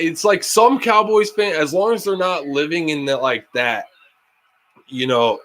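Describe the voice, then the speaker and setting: Excitable young man reacting to a live game. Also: mid-range voice, a little hiss or hum, poor audio. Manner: excitable, yells at big plays, reads chat aloud; casual, slangy. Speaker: livestream host.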